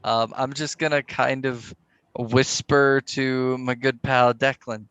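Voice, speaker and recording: A man's voice: mid-range voice, level tone, slow, a bit bright, clear, resonant tone, no room sound. A man playing a tabletop game, talking casually and a little uncertainly. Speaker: player. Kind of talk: tabletop role-play.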